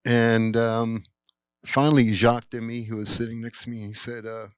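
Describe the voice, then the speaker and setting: A man telling a rambling, animated anecdote at a cinema Q&A, full of fillers and acted-out quotes. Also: mid-range voice, moderate pace, smooth, dry recording. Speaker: guest filmmaker at a Q&A.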